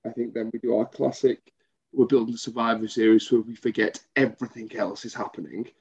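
A man co-hosting a podcast, chatting casually and eagerly, with quick agreeing interjections. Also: mid-range voice, steady tone, a little mellow, breathy edge. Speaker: podcast co-host. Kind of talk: casual wrestling chat. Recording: slightly dull lo-fi audio.

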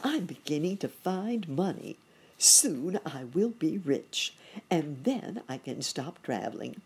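A woman voicing a kindly, hopeful old gentleman rabbit with gentle exclamations. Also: low voice, big pitch swings, slow pace, slightly rough, exaggerated voice. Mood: mild.

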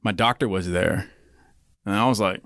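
A man in his thirties, a podcast guest, telling his story in a relaxed, casual way full of filler words. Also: lowish voice, normal speed, gravelly, dry recording, studio quality. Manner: relaxed, leans on fillers like "like" and "you know".

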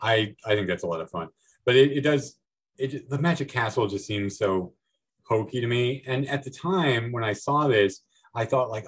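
A man's voice: mid-range voice, moderate pace, poor audio. Man, podcast guest, casual film chat, rambling, uh and um. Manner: loose, rambling, filler-heavy.

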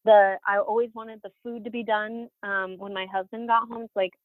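A woman's voice: medium pitch, level tone, normal speed, no room sound. A woman in her thirties telling her personal story as an interview guest, candid, with many fillers and restarts. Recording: dry, phone-like audio.

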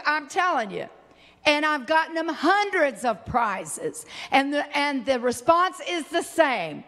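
An older woman preaching a folksy, animated sermon that breaks into sudden high exclamations. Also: takes it slowly, long reverb tail, a little hiss or hum.

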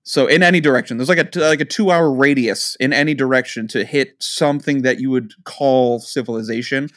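A man's voice: medium pitch, a little fast, fairly bright tone. A man co-hosting a casual podcast, telling stories in a rambling, profane way and voicing the people in them. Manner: rambling, profane storytelling with voiced asides. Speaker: podcast co-host.

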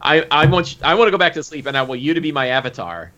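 A man's voice: on the high side, lively intonation, very fast, bright, forceful tone. A man voicing a weary, menacing ancient tentacled sea god in a recounted tabletop game, on a dull lo-fi recording. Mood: pleading.

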